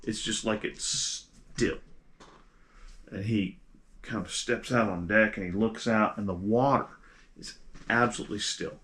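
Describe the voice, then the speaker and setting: A man narrating as game master of a tabletop game, in a halting way with many restarts. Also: on the low side, fairly bright tone.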